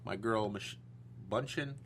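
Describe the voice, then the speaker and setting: A man's voice: lowish voice, unhurried, creaky, slight background noise. A man co-hosting a podcast, chatting casually and hesitantly, searching for words with fillers. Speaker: podcast co-host. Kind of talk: casual sports chat.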